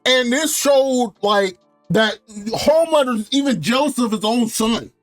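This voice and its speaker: Slangy excitable young man, high voice. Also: a little slow, dry recording, soft background music. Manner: slangy, profane, laughs often, excited recapping. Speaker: TV show reviewer. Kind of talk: casual review rant.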